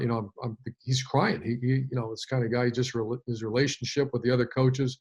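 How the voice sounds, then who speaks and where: A man's voice: mid-range voice, steady tone, quick pace. A man in his fifties, a former head coach, telling a long story in an interview with many fillers and restarts.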